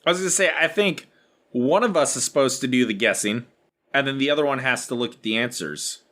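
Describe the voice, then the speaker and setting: A man co-hosting a casual podcast, chatting over a webcam call and telling jokes with animated delivery. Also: mid-range voice, a little fast. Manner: animated joke-telling with voices for characters. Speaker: podcast co-host.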